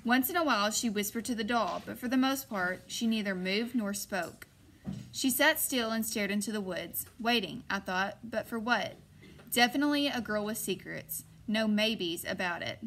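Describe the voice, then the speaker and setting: Bright-voiced woman audiobook narrator. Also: medium pitch, moderate pace, a little hiss or hum. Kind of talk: first-person audiobook narration.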